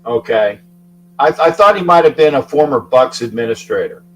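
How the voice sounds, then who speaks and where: A man hosting a casual sports talk show, rambling and repeating himself, getting loud when he makes a point. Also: medium pitch, animated, normal speed, rough recording. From Florida. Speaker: show host.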